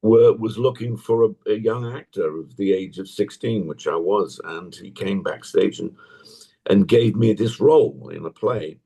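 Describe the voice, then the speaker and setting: Older English actor, gravelly low husky voice, rambling anecdotes on a video call. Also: male voice, unhurried, warm tone. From England. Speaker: actor guest. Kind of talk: casual interview chat. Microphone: tablet on a video call.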